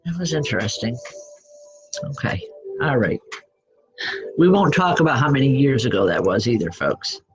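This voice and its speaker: A woman's voice: very deep voice, animated, moderate pace, long pauses, highs cut off, soft background music. A woman medium giving spiritual readings to an audience, chatty and blunt, with self-deprecating asides. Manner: blunt, direct.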